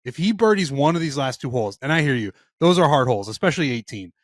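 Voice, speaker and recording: Fast-talking man on a golf podcast. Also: mid-range voice, animated, dry recording, clean studio sound. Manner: rapid, emphatic storytelling. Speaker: podcast co-host. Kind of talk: casual sports chat.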